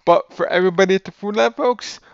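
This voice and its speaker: A man's voice: sits high, fast talker, vocal fry, smooth, no echo. An enthusiastic man reviewing food in a casual vlog, rambling with restarts and calling his viewers "folks". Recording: dull lo-fi sound.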